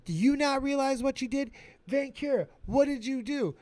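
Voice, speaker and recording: A man's voice: very high-pitched, moderate pace, darkish tone, dry recording, voice pushed up. A man voicing a tough, furious female drill sergeant who barks questions in an interrogation. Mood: interrogating. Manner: barking interrogation.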